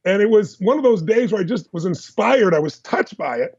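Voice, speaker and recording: A man speaking as a podcast guest, his voice pitched high for a man as he rushes through one emphatic personal story after another. The delivery is animated and quick, with the words tumbling out. The audio sounds dull and slightly lo-fi. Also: husky. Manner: animated, emphatic, fast-flowing anecdotes.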